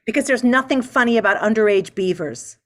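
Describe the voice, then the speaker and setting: A woman hosting a live online improv comedy show, playfully calling on players and telling quick bar jokes. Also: fairly high pitch.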